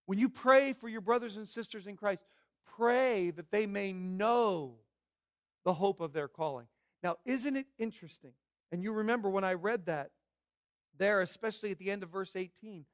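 A man preaching a Sunday morning sermon as pastor, emphatic, repeating phrases and asking the congregation questions. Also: high-pitched.

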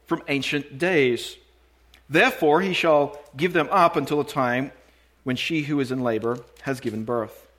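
Guy giving a sermon, slightly higher voice, reads verses slow and deliberate. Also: a bit bright. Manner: measured, slow emphatic reading of verses. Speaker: preacher. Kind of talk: sermon with scripture reading.

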